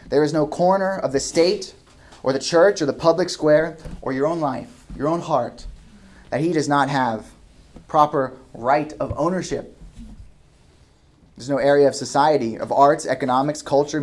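Man preaching with loud emphatic questions. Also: fairly high pitch. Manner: rises into loud emphatic questions, drops to soft asides. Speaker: pastor. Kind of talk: sermon. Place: church hall with a ceiling.

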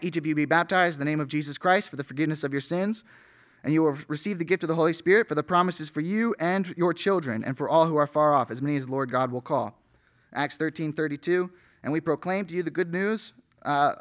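A man's voice: on the high side, fairly bright tone. Man preaching an earnest sermon. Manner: earnest preaching, reads scripture aloud, rising emphasis. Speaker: pastor.

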